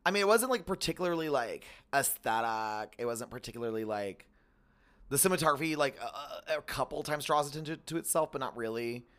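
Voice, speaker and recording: A man's voice: medium pitch, expressive, fairly quick, a bit bright. A man co-hosting a podcast in playful, casual chat, full of "like" fillers. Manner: chatty, lots of "like" fillers, playful. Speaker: podcast co-host.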